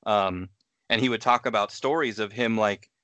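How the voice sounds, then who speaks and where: A man's voice: on the low side, moderate pace, bright, forceful tone, dry recording. Rambling man in casual podcast chat. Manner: rambling, many fillers and laughs. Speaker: podcast co-host.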